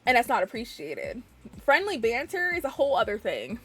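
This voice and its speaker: Bubbly high-voiced woman streamer. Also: sing-song, brisk, a bit bright, soft background music. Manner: bubbly, gushing, frequent giggles and restarts. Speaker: variety streamer. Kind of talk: casual live-stream chat with viewers.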